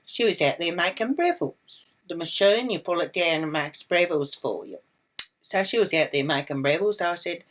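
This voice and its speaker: An Australian woman with a low voice tells a storytime vlog rant. She is brash and indignant, swears constantly, and slips into the voices of the people in her story. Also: lively intonation, brisk, a little hiss or hum, low-quality recording. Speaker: vlogger. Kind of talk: ranting storytime monologue.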